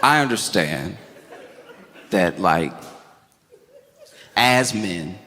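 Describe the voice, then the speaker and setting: A man performing a stand-up comedy set, telling stories with animated delivery and quick character voices on a handheld stage mic. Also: low-pitched. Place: comedy stage before an audience. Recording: reverberant hall with audience noise.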